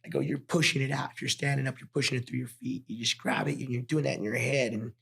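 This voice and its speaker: A wildland firefighter from Nevada, USA, talks casually as a podcast guest, telling stories emphatically, swearing often, and acting out his own past thoughts as quoted self-talk. He's a fast talker with a medium-pitched, steady voice that is gravelly, husky, and fairly bright.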